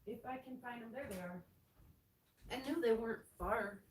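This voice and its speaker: A woman with a stuffy nose and a raspy voice from allergies, chatting casually on a live stream as she shows rocks and trails off with ums. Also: a little high, normal speed, slight background noise. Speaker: lapidary showing rocks to viewers.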